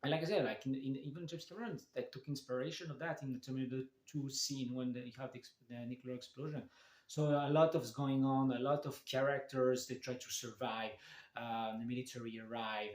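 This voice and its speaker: A man's voice: medium pitch, steady tone, a little mellow. Enthusiastic man in an echoey room. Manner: enthusiastic, halting, many restarts and fillers. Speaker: manga reviewer. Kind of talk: casual video review.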